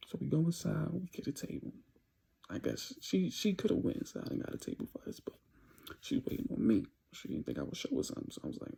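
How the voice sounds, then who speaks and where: Young male storyteller, dark and husky tone, casual slang-heavy delivery. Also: a little high, big pitch swings, a little fast. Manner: loose slang-filled street talk with many "you know"s. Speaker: vlogger telling a dating story.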